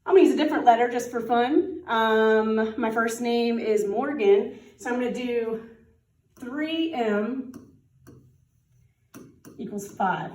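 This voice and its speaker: A woman's voice: on the high side, takes it slowly, pauses often, a little mellow. A woman teaching a casual math lesson, chatty and thinking aloud, laughing at her own slips. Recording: roomy sound from a distant mic.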